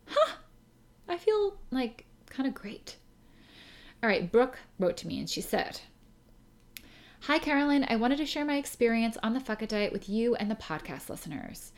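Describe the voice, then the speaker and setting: A woman's voice: a little high, big pitch swings, normal speed, pauses often. A young adult woman hosting a podcast, reading a listener email aloud and chatting in a rambling, emotional way, laughing through tears. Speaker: podcast host.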